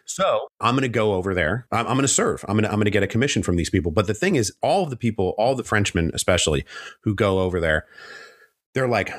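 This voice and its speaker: A man's voice: fairly low pitch, lively intonation, quick pace, dry recording, clean studio sound. A man guest on a history interview, telling the story in a casual way and acting out the people he quotes in mock voices.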